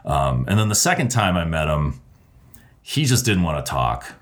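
A man's voice: a bass voice, normal speed, slight background noise. A man who hosts radio, a guest on a podcast, telling a story in loose, profane chat full of fillers and restarts. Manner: acts out quoted people in lively voices.

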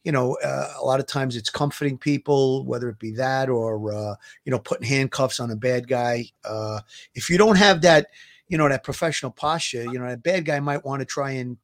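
A man with a Brooklyn New York accent, a former police officer co-hosting a show, talking earnestly in casual chat with many pauses and restarts. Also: medium pitch.

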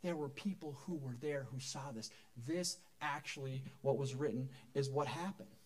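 A man's voice: mid-range voice, moderate pace. A man preaching a sermon in a church, talking to the congregation in a conversational, joking way. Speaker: pastor.

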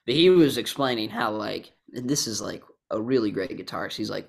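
A man's voice: lowish voice, animated, a little fast, vocal fry, hardly any pauses. Easygoing young male musician guest. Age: young adult. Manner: easygoing, rambling with restarts. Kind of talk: casual chat.

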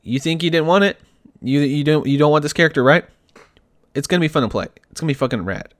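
A man's voice: fairly high pitch, fast talker, close to an everyday voice. Guy doing a smug game creator, brash, swears a lot.

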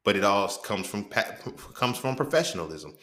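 A man in his thirties talking in a casual monologue for his podcast. He swears freely, uses a lot of slang and jumps into animated quoted exchanges. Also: fairly low pitch, normal speed. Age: 30s. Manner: slang-heavy, keeps asking "you feel what I'm saying". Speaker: podcast host.

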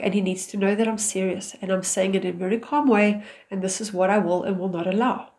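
Female advice speaker, mid-pitched, calm and firm, instructive delivery. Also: quick pace, few pauses. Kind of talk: direct advice talk.

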